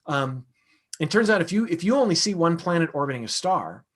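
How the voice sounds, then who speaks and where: A man's voice: on the high side, very animated, brisk, a bit bright, husky. A man, an astronomer, answering audience questions in a casual, conversational lecture with frequent fillers and restarts.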